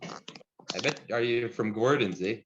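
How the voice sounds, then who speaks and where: A man teaching a Cree language class over a video call, friendly and encouraging, chuckling often and slowing down to model each word. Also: medium pitch, a bit bright. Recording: dull lo-fi video call audio.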